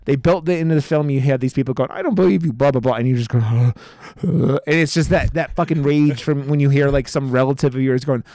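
A man's voice: medium pitch, fairly even intonation, fast, few pauses, dark tone, dry recording, studio quality. Profane, rambling male podcast host. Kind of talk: casual film review chat.

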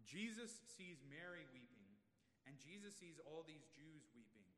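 A man's voice: fairly high pitch, sing-song, moderate pace, fairly bright tone. A male pastor giving an expository sermon in a conversational way, asking the congregation rhetorical questions. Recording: long reverb of a large room.

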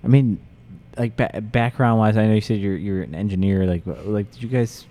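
Joking, foul-mouthed man with a dark voice. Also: fairly low pitch, a little fast. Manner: joking, profane, does mock voices. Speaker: podcast host. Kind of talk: casual chat.

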